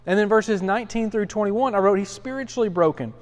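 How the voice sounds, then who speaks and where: A man's voice: high-pitched, fast talker. A man in his thirties, a pastor teaching a Bible study in a conversational, self-deprecating way with frequent restarts. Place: church study. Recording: long hall reverb.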